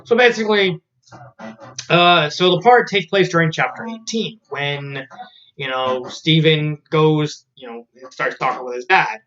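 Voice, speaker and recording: A casual fan-fiction reviewer who rambles, restarts sentences and laughs along the way. The voice sits at a middling pitch. The recording is muffled and lo-fi. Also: measured pace, fairly bright tone.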